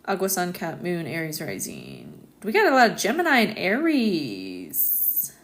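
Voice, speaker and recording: An American woman hosts a relaxed live stream from home, chatting with viewers at a slow, unhurried pace. She laughs easily and keeps the talk loose, and she sounds like she is speaking into her phone. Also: lowish voice. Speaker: astrologer hosting a live stream. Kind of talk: casual live-stream chat reading comments.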